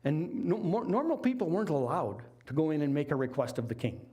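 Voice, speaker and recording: A man's voice: on the high side, very animated, fairly quick, warm tone. A middle-aged man preaching a sermon, retelling a Bible story in a conversational, folksy way with casual asides. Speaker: lay preacher.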